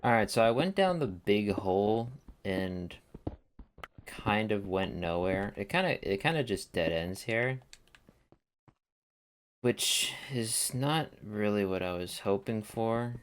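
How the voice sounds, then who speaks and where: A man's voice: lowish voice, animated, takes it slowly, slight background noise. A young man chatting casually and rambling while playing a game, dropping slang as he goes. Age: young adult. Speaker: let's play gamer. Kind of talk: casual gameplay commentary.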